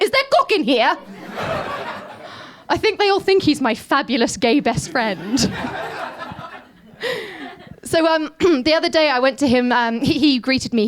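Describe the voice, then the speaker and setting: A woman doing a stand-up comedy set, giggly and animated, laughing through her lines. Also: sits high, normal speed.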